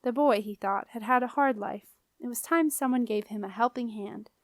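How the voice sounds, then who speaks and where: A woman reads a children's novel aloud in a calm, clear and expressive way. Her voice sits fairly high and the recording is close and dry, with no room around it. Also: normal speed, no echo. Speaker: audiobook reader. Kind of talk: storybook narration.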